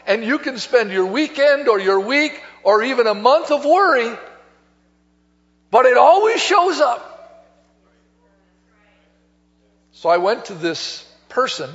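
A man's voice: very high voice, fairly bright tone. A male pastor preaching a sermon, mixing conversational storytelling with emphatic exhortation, heard in a church sanctuary. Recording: long hall reverb, dull lo-fi sound.

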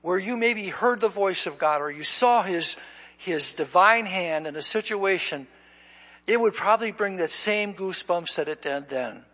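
A man's voice: high voice, expressive, moderate pace, bright, forceful tone. A man preaching to his church, telling a personal story in a folksy way and often repeating his words at the start of a line. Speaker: pastor. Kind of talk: storytelling sermon. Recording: dull lo-fi recording in a reverberant hall.

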